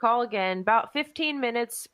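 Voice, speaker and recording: A woman's voice: a little high, animated, moderate pace, fairly bright tone, smooth. Woman co-host spinning a profane, exasperated story in casual chat. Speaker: podcast co-host.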